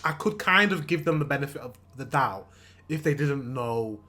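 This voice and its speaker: A man's voice: medium pitch, lively intonation, moderate pace, pushed and bright. A British man hosting a reaction video, talking earnestly and repeating himself when he gets emotional. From Britain. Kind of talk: casual reaction commentary.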